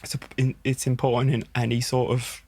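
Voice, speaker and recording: A man from the Wirral with a Merseyside accent, a podcast guest telling stories in a relaxed, sweary way and often laughing. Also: mid-range voice, brisk, slightly rough. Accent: Merseyside English. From Wirral, England. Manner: laid-back, sweary, laughs through his stories. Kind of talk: casual storytelling chat.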